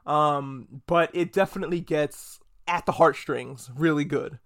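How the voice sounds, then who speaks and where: A man's voice: on the high side, unhurried. A man talking through a movie review in a casual, enthusiastic way, swearing freely and drifting off on tangents. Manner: chatty, profane, wanders off on tangents; enthusiastic, lively delivery. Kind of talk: casual spoken film review.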